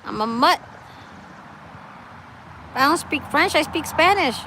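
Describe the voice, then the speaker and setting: Chatty high-voiced woman vlogging outdoors. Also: animated, slow pace, noisy background. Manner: chatty, laughs often, reads out viewer comments. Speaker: live-stream vlogger. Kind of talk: casual chat with live viewers. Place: outdoors, wind and trees nearby.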